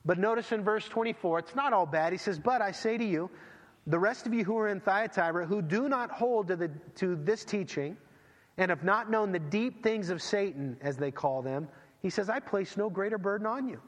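A man's voice: high-pitched, moderate pace, in a large hall. A man in his thirties preaching a conversational sermon as a pastor, acting out bits of dialogue.

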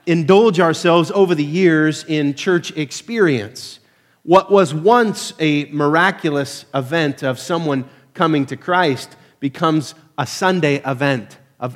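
A man preaching a casual, conversational sermon to his church, peppered with "uh" fillers and self-deprecating humor. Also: fairly high pitch. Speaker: pastor.

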